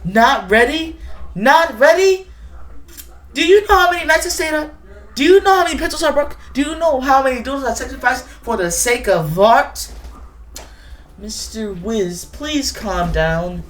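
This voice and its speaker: A woman's voice: medium pitch, very animated, extremely slow. A woman voicing a dramatic, touchy male aspiring author in a comedy sketch, theatrical and indignant, repeating himself for effect.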